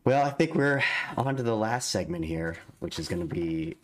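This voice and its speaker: Lively low-voiced male co-host. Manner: upbeat, quick to laugh. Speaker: podcast co-host. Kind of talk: casual interview chat.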